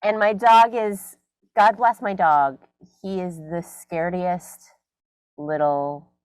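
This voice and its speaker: A middle-aged woman comedian telling a story in a casual interview from her home closet, animated and full of fillers. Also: on the low side, slow, clean tone, no echo, low-quality recording. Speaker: comedian guest.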